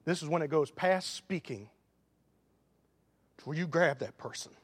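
A high-pitched man preaches a sermon in a folksy way, rising into loud, emphatic stretches. His voice carries a long reverb through a church sanctuary. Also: moderate pace, husky. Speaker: pastor.

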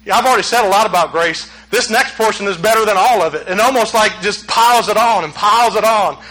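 Male preacher, very high voice, bright and forceful, animated storytelling. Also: fast talker, poor audio. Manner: animated storytelling with acted quotes, rising to near shouts. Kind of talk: sermon.

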